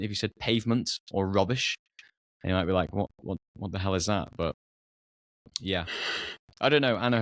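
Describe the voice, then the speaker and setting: A young British man talking with a fairly low voice in a relaxed, rambling podcast chat. He fills his speech with fillers and restarts. The sound is close and dry, with no room echo. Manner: chatty, many fillers and restarts. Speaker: podcast host. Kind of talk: casual conversation about learning English.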